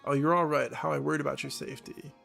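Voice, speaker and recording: A man reading the lines of a gentle, kind-hearted young queen from a video game. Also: fairly high pitch, fairly even intonation, fast talker, creaky, husky, soft background music, heavily acted. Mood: relieved.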